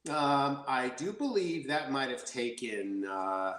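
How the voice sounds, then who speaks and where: Male actor guest, excitable storyteller, mid pitch, roomy echoey sound. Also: slow pace. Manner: excitable, rambling, laughs easily. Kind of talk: casual interview chat.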